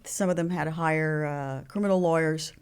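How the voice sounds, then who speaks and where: Lively older woman telling personal stories. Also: low voice, moderate pace, smooth. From Mexican heritage. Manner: animated, acts out phone calls in quoted voices. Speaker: guest. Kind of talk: candid storytelling interview.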